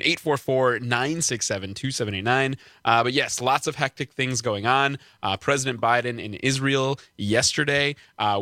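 A man co-hosting a live talk radio show, brisk and conversational as he moves the segment along. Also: mid-range voice, sharp tone, no echo, studio quality. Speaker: radio co-host.

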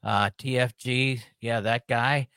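A man's voice: medium pitch, fairly even intonation, takes it slowly, fairly bright tone, clear, resonant tone, no room sound, studio quality. A man hosting a radio talk show, talking casually and with enthusiasm, laughing often. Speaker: radio host.

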